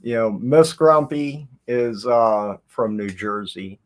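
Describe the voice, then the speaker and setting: Tennessee guy in his 50s, slow drawn-out storyteller, chatting on a video call. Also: mid-range voice. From Tennessee, USA. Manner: unhurried, rambling storyteller. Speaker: guest. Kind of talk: casual chat.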